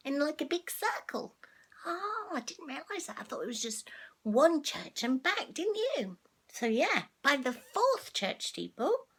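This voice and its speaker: An older woman reading a children's story aloud as a grandmother, chatty and animated, stopping for asides to the listener. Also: high-pitched.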